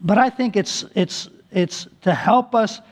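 A male pastor preaching a sermon, earnest and emphatic, stretching key words slowly and restarting phrases often. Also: sits high.

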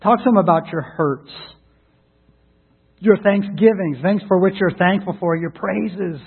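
A man's voice: high-pitched, measured pace, breathy edge. A man preaching a sermon as pastor, earnest and prone to repeating words as he starts a thought. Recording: tinny narrowband radio broadcast.

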